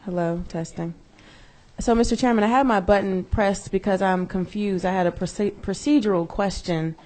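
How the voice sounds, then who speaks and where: A woman state legislator raising a procedural question at a committee hearing, speaking in a measured, methodical way. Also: mid-range voice, fairly even intonation, warm tone. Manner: measured, methodical, politely confused.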